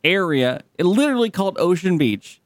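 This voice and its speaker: Ranting man with a lively voice. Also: high-pitched, a little fast, no echo. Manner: exasperated ranting, repeats words, swears. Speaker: podcast co-host. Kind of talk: casual chat.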